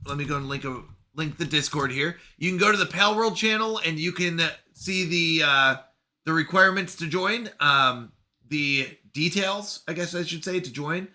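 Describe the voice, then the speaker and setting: A Canadian man hosting a casual live stream, chatting and joking as he reads viewers' messages aloud. His voice sits high for a man and sounds very bright and forward. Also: moderate pace. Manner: playful, chatty, reads chat messages aloud, jokes about pronunciation. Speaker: live streamer reading chat.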